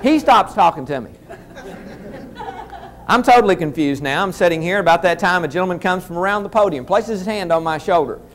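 A man's voice: high voice, lively intonation, fairly quick, a bit bright. A man telling a humorous story in a keynote speech, talking to his audience in a folksy way. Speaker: motivational speaker.

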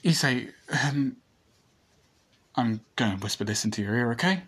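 A friendly, curious pink-haired schoolgirl, as a man reading a fan story puts her on. She speaks hesitantly, stumbles over words, and sits a little above a husky male reader's pitch. The voice stays close to everyday speech. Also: animated, moderate pace, a bit bright.

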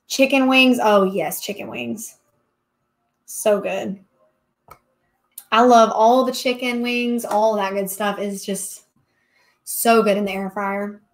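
A woman, chatting casually while hosting a live question-and-answer stream and laughing often. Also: a little high. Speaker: livestream host, craft seller.

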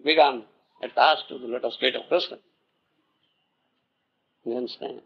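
A man's voice: medium pitch, fairly even intonation, normal speed, creaky, slightly rough. A man with an Indian English accent telling a devotional story as a spiritual teacher, who keeps checking that his listeners follow. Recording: dull lo-fi tape.

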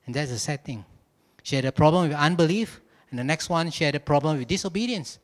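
A male pastor preaches to his congregation in an animated, storytelling way, mixing humor into his points. His voice sits a little high for a man, and he speaks into a stage microphone in a church. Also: quick pace. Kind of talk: sermon. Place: church service.

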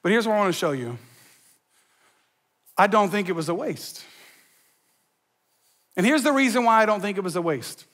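High-voiced energetic pastor, jokey preaching in a church, with a long hall echo. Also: male voice, moderate pace, long pauses. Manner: energetic and joking, talks to the crowd in slang. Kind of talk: sermon. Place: church sanctuary.

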